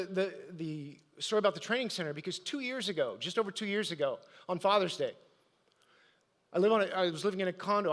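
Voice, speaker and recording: This middle-aged motivational speaker has a notably high, slightly bright voice and the ease of someone used to the stage. At a live event, he mixes personal stories with questions aimed at the audience.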